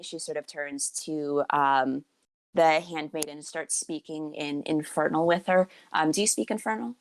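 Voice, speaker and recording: A woman narrating a tabletop game as game master in a relaxed, hedging way. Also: low voice, moderate pace, dry recording.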